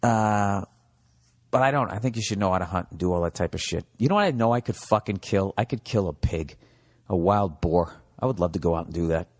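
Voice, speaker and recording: Profane rambling comedian, reverby. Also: male voice, deep voice, fairly quick. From United States. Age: 40s. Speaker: podcast host. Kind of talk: comedic podcast monologue.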